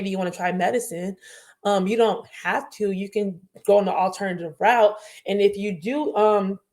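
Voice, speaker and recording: A woman's voice: mid-range voice, creaky, a little mellow. Earnest, rambling woman teacher. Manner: earnest, passionate, rambling with many fillers. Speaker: teacher and show host. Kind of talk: casual panel chat.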